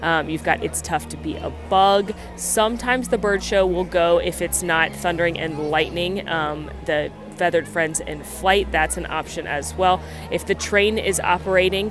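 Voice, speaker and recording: A woman vlogging in a chatty, enthusiastic way, giving tips. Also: on the low side. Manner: chatty, enthusiastic, many fillers. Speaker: theme park vlogger. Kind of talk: casual chat.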